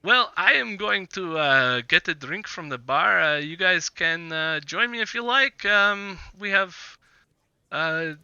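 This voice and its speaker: A man doing a hearty, loud tavern keeper. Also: high voice, expressive, measured pace, creaky, clear, resonant tone, no room sound, lo-fi sound, voice pushed up, exaggerated voice. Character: gruff friendly male innkeeper Ergel.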